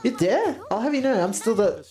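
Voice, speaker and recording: A woman voicing an outraged young female clan leader in a game story, with high, sharp protests. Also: lively intonation, brisk, soft background music, close to an everyday voice. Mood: indignant.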